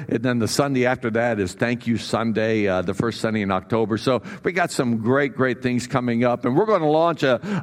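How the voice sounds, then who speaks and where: A middle-aged man preaching a sermon as pastor, folksy and jokey, with many fillers. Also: medium pitch.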